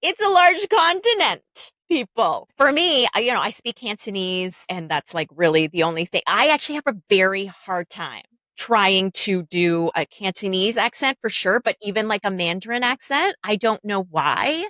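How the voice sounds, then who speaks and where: Expressive woman podcast co-host. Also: medium pitch, normal speed, few pauses, no room sound. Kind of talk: podcast interview.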